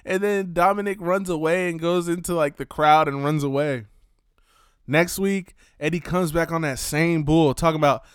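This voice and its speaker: A man with a slightly higher voice recounts wrestling history in a casual, animated way. He laughs often and mixes in Spanish words. The sound is dry and close. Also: normal speed, smooth, no room sound. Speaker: wrestling fan commentator. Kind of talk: casual storytelling.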